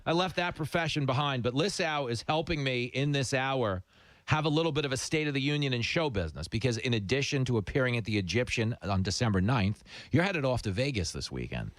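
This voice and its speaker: A man's voice: mid-range voice, animated, a little fast, dry recording. A man with a New York accent hosting a comedic radio talk show, joking and laughing often as he banters with a guest. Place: radio studio.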